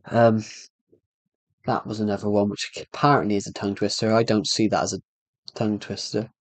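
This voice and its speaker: A man's voice: lowish voice, steady tone, normal speed, no room sound. A young man chatting casually on a live stream while he plays, rambling, stumbling over words and poking fun at himself. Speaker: livestreamer.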